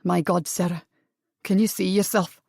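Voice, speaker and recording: A woman voicing a calm, reasonable man. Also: on the low side, creaky, slightly rough, dry recording, studio quality. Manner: steady, measured, patient.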